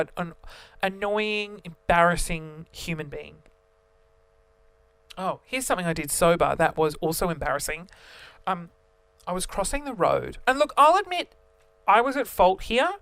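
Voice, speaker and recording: A young man telling a story to camera as a vlogger, animated and theatrical, jumping between voices. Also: high-pitched, smooth, dry recording.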